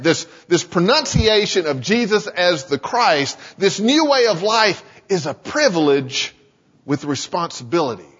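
A man preaching a sermon in a husky voice with a lively, rising and falling pitch. He talks to his listeners in a conversational way. The sound is dull and lo-fi, with a long reverb from a large hall. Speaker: pastor.

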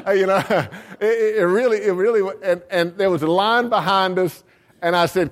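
A man's voice: high voice, normal speed, big-room sound. A man who is a pastor, preaching a storytelling sermon and repeating words as he restarts his sentences.

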